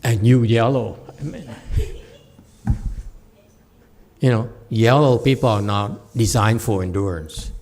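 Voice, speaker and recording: A man, a Buddhist master, giving a Dharma lecture as an animated, joking storyteller who acts out the people in his story. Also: on the low side, slow pace, long pauses. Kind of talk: sermon.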